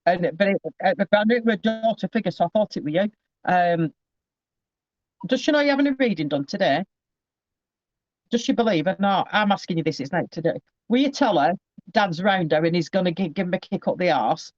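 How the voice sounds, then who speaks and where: A man's voice: high-pitched, expressive, a little fast, no room sound, muffled recording. A man giving a casual psychic reading over a video call, rambling and often breaking off with asides.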